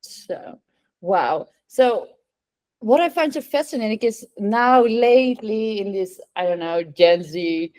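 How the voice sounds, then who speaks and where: A woman hosting an interview podcast, enthusiastic and quick to react with "wow" and laughter. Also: medium pitch, expressive, darkish tone. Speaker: podcast host. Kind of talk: casual interview talk.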